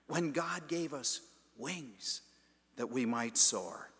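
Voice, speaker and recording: Slow, bright-voiced male preacher. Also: medium pitch, breathy edge, soft background music. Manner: storytelling, deliberate and emphatic. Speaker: pastor. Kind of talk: sermon. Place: large stone church sanctuary. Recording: long church reverb.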